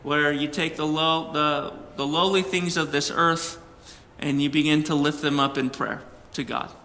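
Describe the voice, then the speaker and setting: A man preaching a sermon as a personal story, earnest and animated, with emphatic peaks. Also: on the high side, unhurried, big-room sound. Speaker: pastor.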